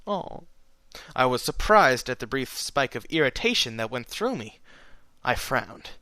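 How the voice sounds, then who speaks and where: A man reading a first-person story aloud in steady, plain narration that sometimes slows into a hushed tone. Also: mid-range voice, no room sound. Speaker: reader of fan fiction.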